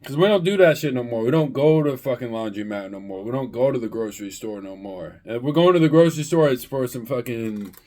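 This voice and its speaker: A man's voice: mid-range voice, fast talker, hardly any pauses, dark tone. A man who owns a landscaping business, ranting bluntly and profanely in a vlog, preaching to his viewers. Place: hotel room.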